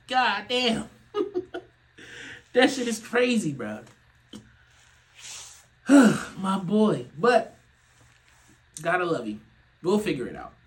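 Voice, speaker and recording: A young man hosting a podcast, ranting in a loose comedic way. He laughs often, swears freely and swings from loud outbursts to low muttering. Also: rough recording. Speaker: podcast host. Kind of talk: casual comedic rant.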